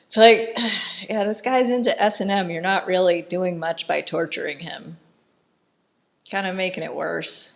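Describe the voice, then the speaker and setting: Low-voiced woman chatting through a film. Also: steady tone, moderate pace, creaky. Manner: chatty, amused scene-by-scene retelling with frequent laughs. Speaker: film commentator. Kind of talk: casual film commentary.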